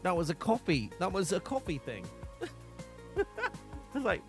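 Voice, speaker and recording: Lively guy streaming, pitch all over the place, chatty, trips over words, faint music behind. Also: measured pace. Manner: animated, restarts often, laughs a lot. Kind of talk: casual live stream chat.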